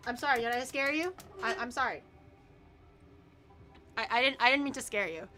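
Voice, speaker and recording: A vtuber streamer chats casually with her chat while cooking in her home kitchen, swearing often and stuttering or repeating words. Her voice is on the high side, bright and forceful, at a moderate pace.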